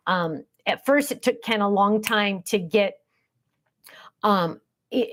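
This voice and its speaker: Chatty middle-aged woman, livestream host. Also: mid-range voice. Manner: chatty, rambling, reads viewer comments aloud. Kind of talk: casual livestream chat.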